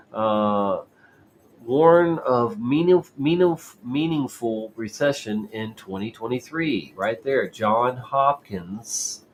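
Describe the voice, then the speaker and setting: Male host, slow drawl, reads articles aloud, trips on words, sarcastic asides. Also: medium pitch, slight background noise. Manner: stumbling, repeats and restarts words while reading. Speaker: show host. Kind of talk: casual commentary reading news articles aloud.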